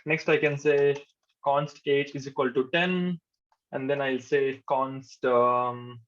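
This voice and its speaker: A man's voice: mid-range voice, little pitch movement, slow, a bit bright. A male programming instructor, giving a live coding lecture to a class. He repeats his points patiently and says "okay" often. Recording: dull lo-fi sound.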